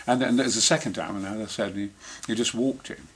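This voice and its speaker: A man's voice: on the low side, fast talker, fairly bright tone, breathy edge. A man telling boisterous, sweary anecdotes in casual behind-the-scenes chat. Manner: boisterous, sweary, theatrical storytelling.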